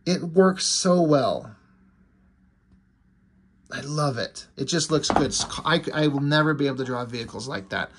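A man's voice: on the high side, expressive, unhurried, long pauses, noisy background. A man casually reviewing a comic book, enthusiastic and swearing freely, with many fillers. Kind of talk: casual comic review, reading quoted dialogue.

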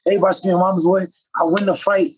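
A man from upstate New York, a professional boxer, telling stories as a podcast guest in a casual, slangy, animated way. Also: high voice, breathy edge, low-quality recording. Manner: fast, slangy, animated storytelling. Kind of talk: casual storytelling.

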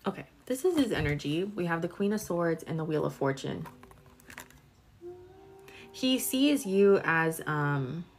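A woman's voice: fairly low pitch, animated, a little slow, long pauses. A young woman in her twenties doing a casual live-stream tarot reading, chatty and full of filler words while she talks to viewers. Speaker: tarot reader.

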